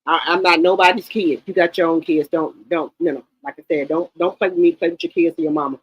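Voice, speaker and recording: A woman's voice: fairly low pitch, steady tone, fast, breathy edge, no room sound, highs cut off. A woman in her fifties giving blunt, emphatic livestream commentary and often repeating her words. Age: 50s. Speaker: livestream host.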